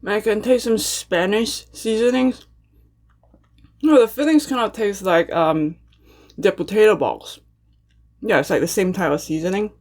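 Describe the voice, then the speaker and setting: A woman hosting a mukbang, chatting casually between bites with relaxed, unhurried murmurs of enjoyment. She talks from her home apartment. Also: mid-range voice. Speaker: mukbang host. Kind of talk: casual ASMR eating chat.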